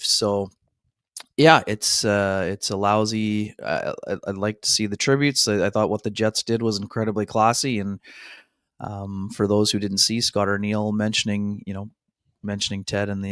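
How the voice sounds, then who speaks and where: A man, co-hosting a podcast, speaking in a measured, somber way with many fillers. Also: on the low side, fairly bright tone, no room sound, studio quality. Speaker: podcast co-host. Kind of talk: somber reflective chat.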